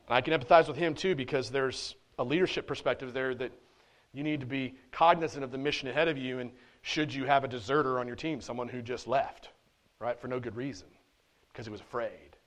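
Animated, conversational male preacher. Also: high voice, fairly quick. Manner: animated and conversational, with casual slang. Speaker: pastor. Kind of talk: sermon. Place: church.

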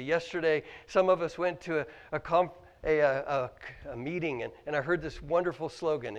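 A man's voice: sits high, big pitch swings, a little slow. A man with a Midwestern American accent preaching a sermon in a church, earnest, full of questions, sometimes tripping over and repeating his words. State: choked up with emotion. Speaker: pastor. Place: church sanctuary.

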